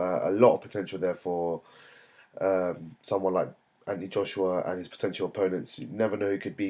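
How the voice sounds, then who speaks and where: A man hosting a boxing commentary vlog, talking alone in a halting way with many fillers and restarts. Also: low voice, darkish tone. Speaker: boxing channel host.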